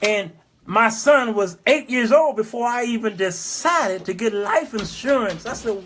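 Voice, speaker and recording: A man in his fifties with a fairly high voice hosts his own talk show. He lectures his listeners, hammers his points home by repeating them, and slips into the voices of the people in his stories. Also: expressive, unhurried, a bit bright, slight background noise. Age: 50s. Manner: emphatic, repeats phrases, acts out quoted people. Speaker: show host. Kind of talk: preachy monologue.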